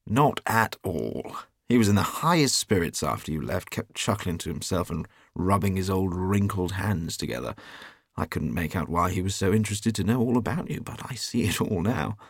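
An actor playing a jovial, teasing gentleman painter who talks loudly and laughs heartily. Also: low voice, animated, normal speed, breathy edge, dry recording, studio quality, full character voice. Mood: amused, teasing.

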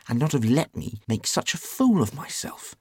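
An actor playing a hapless, sulky young gentleman who speaks fretfully. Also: medium pitch, sing-song, normal speed, breathy edge, no echo, voice pushed up.

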